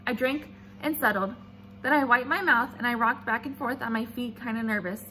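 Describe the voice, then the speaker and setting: A woman reading a children's chapter book aloud in an animated, expressive storytelling manner. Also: a little high, moderate pace, a little hiss or hum. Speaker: reader.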